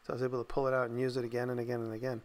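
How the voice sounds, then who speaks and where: A man talks through his workshop project in a loose, unscripted voice-over. His voice sits at an ordinary middle pitch, and he sounds relaxed and a little tired as he thinks aloud. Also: racing. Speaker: maker narrating his build video. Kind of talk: casual voice-over narration.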